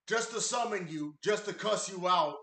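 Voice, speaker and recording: A man rants profanely as he hosts a live fan stream, stopping now and then to read chat messages aloud. His voice sits high and sounds bright and sharp. The room gives it a roomy echo. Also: normal speed. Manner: profane, heated ranting. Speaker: livestream host and football fan.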